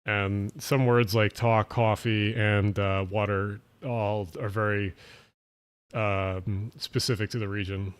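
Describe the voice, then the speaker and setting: A man's voice: on the low side, steady tone, slow pace, clear, resonant tone. Rambling Jersey-accented man streaming. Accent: New Jersey/Philadelphia. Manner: rambling, mumbles words together, casual swearing. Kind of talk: casual late-night livestream chat.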